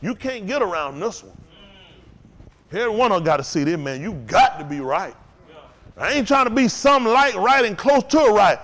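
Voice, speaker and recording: A man preaching a fiery call-and-response sermon in a high, soaring voice. His pitch leaps and plunges constantly, and he goes from shouting to hushed, intense murmurs. He speaks in a folksy, repetitive cadence that builds up and falls away. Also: big pitch swings, moderate pace. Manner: swings from shouted peaks to low intense murmurs. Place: house of worship.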